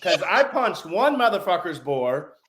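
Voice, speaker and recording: A man's voice: high voice, very animated, measured pace, fairly bright tone, slight background noise. A man in his thirties, a former Navy corpsman, telling blunt, profane stories in a casual podcast chat.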